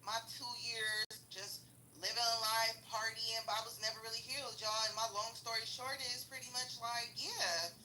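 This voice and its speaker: A woman with a very bright, sharp, forceful voice rants casually about her past. She is blunt and profane, heavy on slang, and laughs through her own stories. A faint hiss sits behind her. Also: fairly high pitch, steady tone, moderate pace, few pauses, low-quality recording. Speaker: vlogger. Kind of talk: casual storytelling rant.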